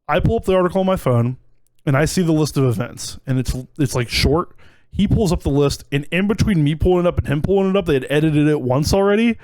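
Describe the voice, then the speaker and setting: Higher-voiced man on a dry podcast mic. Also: quick pace, dry recording. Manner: rambling, animated storytelling with many fillers. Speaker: podcast co-host. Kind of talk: casual chat.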